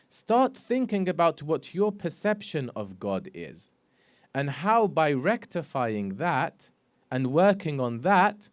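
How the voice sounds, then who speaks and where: Man, sheikh, sermon, animated lilting delivery, earnest rhetorical questions. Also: on the high side. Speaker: sheikh giving a religious talk. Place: mosque or community hall.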